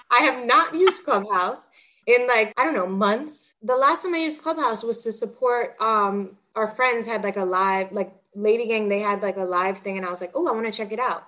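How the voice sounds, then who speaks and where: A woman's voice: mid-range voice, sharp tone. Young woman cohost just chatting, tells a story, says like a lot. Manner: chatty storyteller, lots of "like" fillers. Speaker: podcast co-host. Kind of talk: casual chat.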